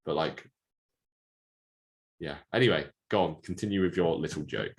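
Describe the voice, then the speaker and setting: A man's voice: low-pitched, normal speed. A man co-hosting a casual movie podcast, dry and teasing in a laid-back way. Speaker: podcast co-host.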